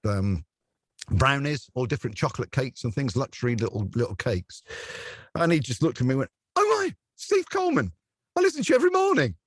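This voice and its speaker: A man's voice: lowish voice, dry recording. A man who works as a radio presenter, chatting in an interview and telling stories with plenty of laughter. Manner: chatty storyteller who laughs often and acts out voices. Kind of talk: relaxed anecdotal interview chat.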